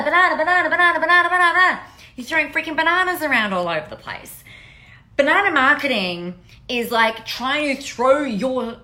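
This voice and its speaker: A woman hosting a podcast, talking in a casual monologue, blunt and animated with frequent swearing. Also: mid-range voice. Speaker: podcast host.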